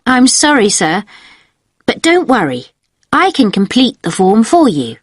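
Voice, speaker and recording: A woman's voice: on the high side, wildly swooping pitch, a little slow, breathy edge, dry recording, clean studio sound, exaggerated voice. A woman playing a polite hotel receptionist in a scripted exam dialogue, using a formal service tone. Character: courteous female hotel receptionist.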